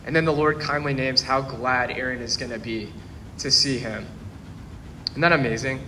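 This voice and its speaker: A man who is a pastor, preaching a sermon in an earnest, steady way. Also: mid-range voice, moderate pace, a little hiss or hum. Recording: long hall reverb, faint ambience.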